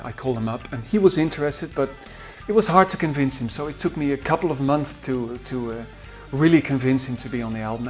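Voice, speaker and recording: A man with a Dutch accent, a composer recalling his singers in an interview, hesitant with many fillers and restarts. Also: medium pitch. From Netherlands. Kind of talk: interview reminiscence. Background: faint guitar music.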